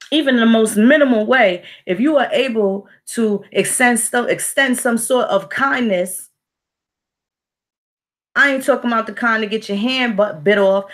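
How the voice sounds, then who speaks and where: A woman, telling stories in a blunt, profane casual monologue. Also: medium pitch. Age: 40s. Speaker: vlogger.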